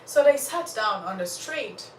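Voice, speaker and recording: A woman's voice: mid-range voice, expressive, a little slow, a bit bright, reverberant, recorded from a distance, a little hiss or hum, poor audio. A woman telling a story with lessons about faith, talking animatedly, laughing often and speaking straight to her listeners.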